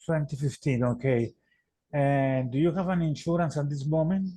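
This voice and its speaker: A man trainee playing a call center representative in practice, polite but halting. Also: a little high, fairly even intonation, warm tone. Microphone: video call.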